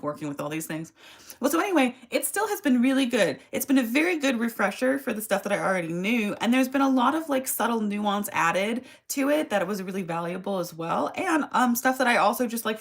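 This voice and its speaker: A woman in her thirties, a tarot and astrology host, chatting to camera in a rambling, animated way with many asides. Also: mid-range voice. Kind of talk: casual chat to camera.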